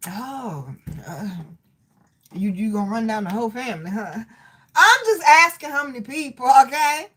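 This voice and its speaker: Lively, bright-voiced woman medium, chatty. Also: a little high, moderate pace, husky. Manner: animated, laughs often, swings between loud outbursts and soft murmurs; casual, slangy, chatty. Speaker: spirit medium. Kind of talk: live medium reading, talking to spirits.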